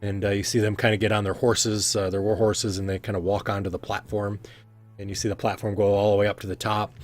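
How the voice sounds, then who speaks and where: A man's voice: fairly low pitch, little pitch movement, quick pace, soft background music. A man narrating as game master in a loose, rambling way with many fillers. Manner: loose, full of fillers and hedging "kinda".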